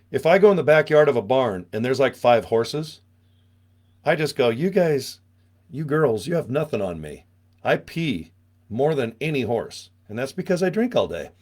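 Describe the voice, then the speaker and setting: A man's voice: mid-range voice, a little mellow. Rambling joking man, late fifties. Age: 50s. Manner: joking, rambling, tangent-prone. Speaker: webinar host. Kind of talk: rambling live webinar chat. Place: small radio studio room.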